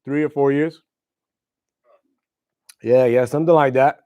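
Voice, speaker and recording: A man's voice: medium pitch, steady tone, measured pace, no echo, lo-fi sound. A young man hosting a livestream, telling rambling, profane stories about guitars in casual chat. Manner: loose, profane, rambling storytelling. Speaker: livestream host.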